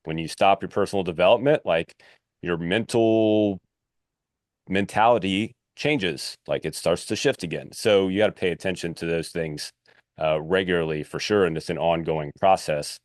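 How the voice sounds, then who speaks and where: A man with a very low voice hosts a relaxed interview. He thinks out loud as he talks, with plenty of "uh" and "like" between his points. The sound is dry and close to the mic. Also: moderate pace, dry recording. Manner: loose, thinks aloud, lots of "uh" and "like". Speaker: podcast host. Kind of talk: casual interview chat.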